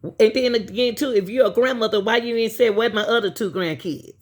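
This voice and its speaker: A woman's voice: on the high side, a little fast. A woman host giving emphatic commentary to her viewers, repeating herself and asking pointed questions.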